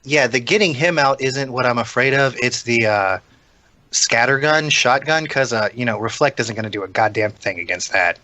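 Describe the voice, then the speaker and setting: A man's voice: medium pitch, animated, normal speed, pushed and bright, no echo. A man playing a tabletop role-playing game, describing his character's actions with jokes and swearing. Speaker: player.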